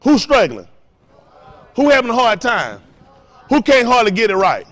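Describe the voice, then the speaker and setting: A male pastor preaching to his congregation with call-and-response, firing rhetorical questions and swinging between loud emphasis and hushed lines. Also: extremely high pitch, wildly swooping pitch, moderate pace.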